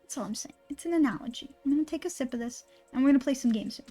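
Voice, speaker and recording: Give me a high-pitched woman streamer who swears a lot and rambles, with soft music behind. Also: lively intonation, very fast. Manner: profane, ranting, rambling. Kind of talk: casual stream chat.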